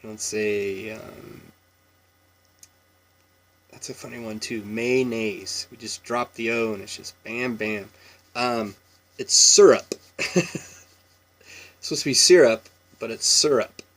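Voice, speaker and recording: Man, 30s, Washington State accent, casual vlog chat, unhurried, low-ish voice. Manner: relaxed and rambling, many ums and chuckles.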